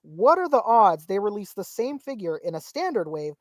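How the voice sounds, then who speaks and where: Lively chatty woman reading chat. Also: medium pitch, normal speed, dry recording, clean studio sound. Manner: chatty, many restarts, animated reading of comments. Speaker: podcast co-host reading chat. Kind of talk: casual live-stream chat.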